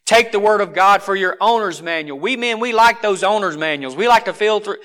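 A man preaching a sermon, swinging from forceful exhortation to hushed earnestness. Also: high voice, brisk.

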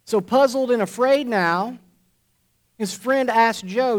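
A man preacher delivering a sermon to a congregation, emphatic and deliberate, repeating key phrases for weight. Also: high-pitched, steady tone. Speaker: pastor. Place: church congregation.

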